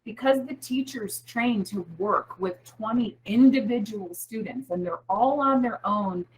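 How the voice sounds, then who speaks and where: Husky woman explaining to parents. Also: mid-range voice, unhurried, poor audio. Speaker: school head. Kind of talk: interview guest explaining.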